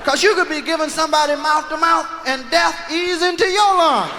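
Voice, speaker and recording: High-pitched man, profane animated stand-up, acts out voices, live concert with crowd and hiss. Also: normal speed, in a large hall, faint music behind. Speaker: stand-up comedian.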